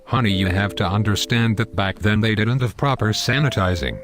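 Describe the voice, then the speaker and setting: A man's voice: fairly low pitch, lively intonation, normal speed, lightly acted. A man playing a teasing, fond old grandpa. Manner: teasing and affectionate, calls her honey. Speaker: grandfather storyteller in a school skit. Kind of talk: amateur scripted skit. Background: background music.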